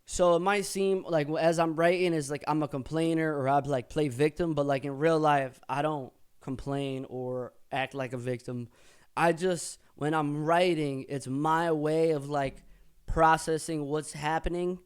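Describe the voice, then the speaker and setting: A man's voice: a little high, steady tone, measured pace, clean tone. A man explaining his own rap lyrics in a casual, profane way, thinking aloud and correcting himself as he goes. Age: older than he was. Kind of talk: casual explanation with rapped excerpts.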